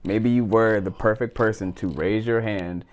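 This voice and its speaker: A low-voiced male host chats casually on a podcast, talking fast. He cuts in with quips and gently steers his guest's story. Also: fairly even intonation. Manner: quick, interjects with jokes and steers the talk.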